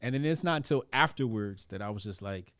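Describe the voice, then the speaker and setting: Relaxed man telling stories as a guest. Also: on the low side, brisk, no echo, studio quality. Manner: relaxed, peppers speech with "like". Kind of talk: casual conversational storytelling.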